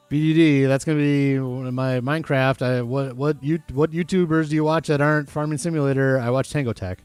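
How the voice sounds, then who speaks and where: A man's voice: medium pitch, darkish tone, clean tone, no echo. A man casually commentating his farming game on a live stream, reading chat and rambling through asides. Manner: chatty, reads chat aloud, rambling asides.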